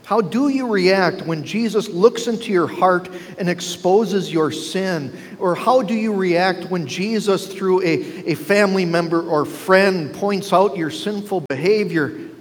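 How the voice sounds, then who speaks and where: A male pastor preaches a sermon, hammering his points home with rhetorical questions to the congregation. His voice sits high with a measured pace, and the recording has long reverb and faint ambience.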